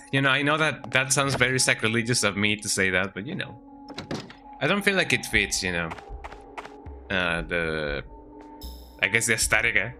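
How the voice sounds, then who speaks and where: With slight background noise behind his lowish voice, this man chats with viewers while playing a video game at home, a cat on his lap. He's lively and talkative, often finishing lines with "eh?".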